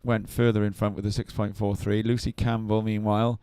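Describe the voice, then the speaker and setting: Chatty low-voiced male surf commentator. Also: little pitch movement, mellow, a little hiss or hum. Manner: chatty, quick reactions, asks co-host questions. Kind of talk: live sports commentary.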